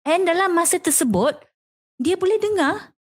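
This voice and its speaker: A woman's voice: very high voice, expressive, a little fast, no room sound, clean studio sound. A Malaysian woman, a parent and teacher, co-hosting a casual podcast chat and mixing in Malay as she reenacts home scenes. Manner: switches between English and Malay mid-sentence, reenacts scenes.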